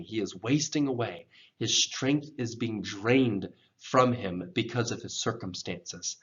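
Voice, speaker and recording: Low-voiced man teaching English pronunciation. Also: muffled recording. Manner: slow, deliberate explaining, with expressive read-aloud examples. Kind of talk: pronunciation lesson reading scripture.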